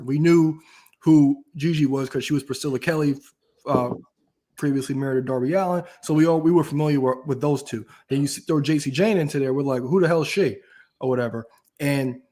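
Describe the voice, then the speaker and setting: A man co-hosting a wrestling podcast, talking as an enthusiastic and emphatic fan. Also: on the high side. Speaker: podcast co-host. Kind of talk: casual wrestling chat.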